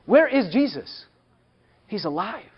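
High-pitched man preaching with lively swings. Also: unhurried, breathy edge. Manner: emphatic, rhetorical questions, acts out God's voice. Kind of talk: sermon. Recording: dull lo-fi recording.

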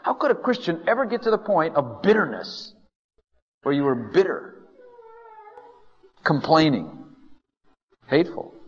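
A husky male preacher with a lively, swooping delivery speaks in a casual, animated sermon style, often slipping into first-person rants and small laughs. His voice rings through a church hall with a long reverb tail. The recording is dull and lo-fi. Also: a little high, measured pace, pauses often. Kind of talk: conversational sermon.

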